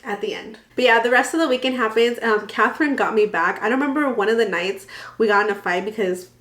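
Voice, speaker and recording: A young woman tells a wild personal story straight to camera, animated and dramatic, swearing freely. Her voice sits in the middle of a woman's range. The room around her is echoey. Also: mid-range voice. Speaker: vlogger. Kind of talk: storytime vlog.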